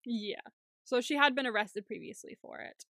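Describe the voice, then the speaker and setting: A woman's voice: on the high side, normal speed, sharp tone, dry recording, studio quality. A woman co-hosting a podcast, casually recapping a show, laughing often and acting out scenes in different voices. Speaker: podcast co-host.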